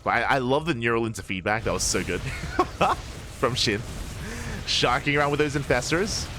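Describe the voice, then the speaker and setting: Excitable male game caster over music. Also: medium pitch, fairly quick. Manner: excitable, rising sharply in big moments. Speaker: esports caster. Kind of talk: live game commentary.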